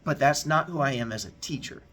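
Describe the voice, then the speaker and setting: A man's voice: medium pitch, brisk, fairly bright tone, a little hiss or hum. A male teacher giving a heartfelt, candid talk to his students, telling a personal story in an earnest way.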